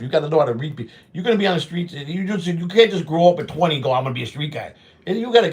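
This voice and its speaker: A middle-aged man hosting a walk-and-talk show, telling street stories bluntly and with lots of swearing, acting out both sides of old arguments. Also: medium pitch. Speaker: show host.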